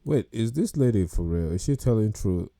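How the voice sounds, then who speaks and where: Deep gravelly man reacting in disbelief. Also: expressive, normal speed, warm tone, no room sound, clean studio sound. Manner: incredulous, laughs and exclaims at prices. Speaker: podcast host reacting to clips. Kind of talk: casual reaction commentary.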